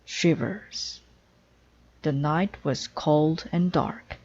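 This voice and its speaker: Woman reading a kids book out loud, low breathy voice, slow and gentle. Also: highs cut off. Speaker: storybook reader. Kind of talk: reading a children's book aloud.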